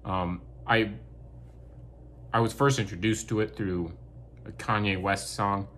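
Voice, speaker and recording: Blunt man reviewing a film, low voice. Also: steady tone, unhurried, fairly bright tone, slight background noise. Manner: blunt, candid opinions. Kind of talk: casual spoken review.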